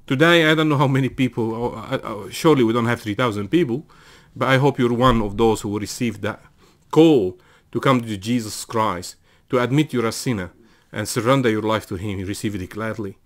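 Earnest preaching man, halting delivery. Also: mid-range voice. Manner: earnest preaching with frequent fillers and restarts, rising to emphatic calls. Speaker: pastor. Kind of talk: sermon.

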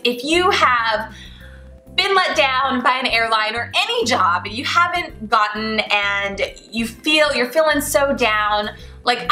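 A young adult woman, a flight attendant vlogger, telling a personal story to camera in an animated way, acting out the dialogue. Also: on the high side. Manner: animated, acts out quoted dialogue. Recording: roomy echo, faint music behind.

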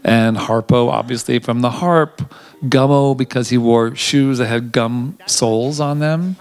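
A man, a theater director, giving a behind-the-scenes interview, telling history in an animated, chatty way with frequent ums. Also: medium pitch, unhurried, smooth.

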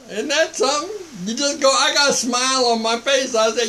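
An older man preaching informally to the camera, switching between mock calm and sarcastic emphasis. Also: very high-pitched, fairly quick, hardly any pauses, a little hiss or hum, rough recording.

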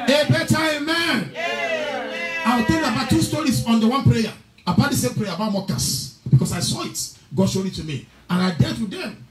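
A man with a very high voice delivers a sermon in a fervent, chanting style, now praying in tongues, now declaring blessings. He sounds like he is in an echoey room, with music playing softly behind him. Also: animated, fairly quick. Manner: speaks in tongues between prayers. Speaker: preacher. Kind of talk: sermon and prayer. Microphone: livestream.

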